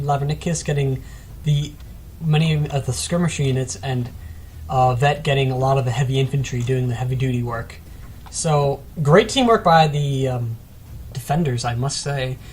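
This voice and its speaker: A man's voice: on the high side, slight background noise. A man giving casual commentary on a strategy game replay, rambling and self-mocking with chatty asides, still a bit sick. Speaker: gameplay commentator.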